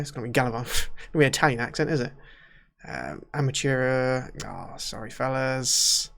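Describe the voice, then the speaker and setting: A man in casual let's-play commentary, talking slowly and at a middle pitch. He mutters to himself, thinks aloud and lets his words trail off quietly, with faint mouse clicks in the background. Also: vocal fry. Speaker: gaming YouTuber.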